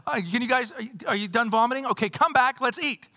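A man's voice: extremely high pitch, quick pace, pushed and bright, studio quality, pitched above the performer's own voice, full character voice. A man playing a cheerful apostle who coaxes a seasick crew to come and eat, in a joking, breezy manner. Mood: joking, coaxing. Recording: long hall reverb.

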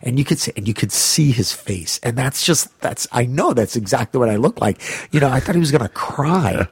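A man in his thirties chatting casually as a podcast co-host, eager and halting with lots of fillers. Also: medium pitch, animated, vocal fry, breathy edge, no room sound. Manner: enthusiastic, halting, filler-heavy. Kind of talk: casual chat.

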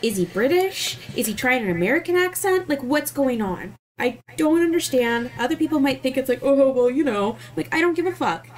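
A woman co-hosting a podcast, chatting casually about a film in a blunt, animated way and swearing freely. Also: high voice, fairly quick, few pauses. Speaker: podcast co-host. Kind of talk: casual movie review chat.

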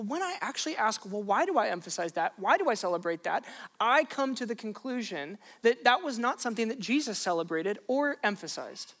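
A pastor delivers a sermon conversationally, posing rhetorical questions and repeating phrases for emphasis. The voice is mid-range and a bit bright.

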